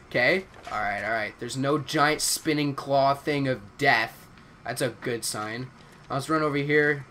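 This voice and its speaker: A young male streamer talks through a zombie game in a bright, lively voice that jumps all over his range. He swears constantly and slides from slow, unhurried chatter into panicked yelling. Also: fairly high pitch. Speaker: gaming streamer. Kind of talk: live gameplay commentary.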